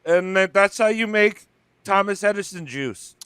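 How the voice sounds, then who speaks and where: A man co-hosting a comedy podcast, pitching goofy, excitable absurd bits. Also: measured pace, clear, resonant tone, no echo, clean studio sound. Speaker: podcast co-host. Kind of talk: casual comedic banter.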